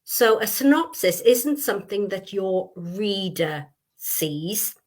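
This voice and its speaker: A woman with a mid-range voice co-hosting a casual chat on writing. She explains things in a plain, brisk manner. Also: medium pitch, animated. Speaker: writing coach, co-host.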